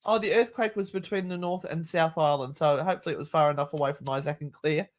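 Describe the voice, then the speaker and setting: A woman's voice: deep voice, fast. A middle-aged woman co-hosting a paranormal live stream, chatting in a jokey way with the odd swear word. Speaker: paranormal livestream co-host. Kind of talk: casual live-stream chat.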